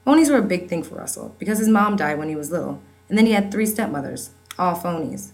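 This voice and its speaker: A woman's voice: on the low side, animated, fast talker, a little mellow, soft background music, rough recording. A woman reading a first-person novel aloud in a wry, conversational storytelling manner. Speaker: audiobook narrator.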